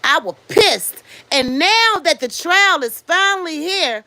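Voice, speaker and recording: A woman in her fifties hosting a livestream, giving blunt, animated commentary, swearing freely and answering viewer comments. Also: extremely high pitch, slow pace, no echo. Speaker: livestream host. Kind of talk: casual commentary.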